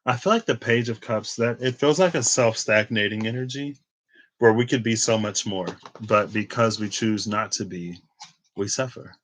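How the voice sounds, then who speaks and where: A man's voice: on the low side, moderate pace, a bit bright, poor audio. A man in his twenties giving a casual tarot reading, chatty and rambling off into tangents. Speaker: tarot reader.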